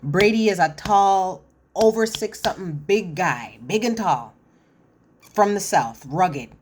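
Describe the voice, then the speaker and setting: A woman's voice: mid-range voice, expressive, slow pace, a little hiss or hum. A woman giving casual, opinionated commentary on a reality show. She is chatty, often says "listen" and acts out the quotes.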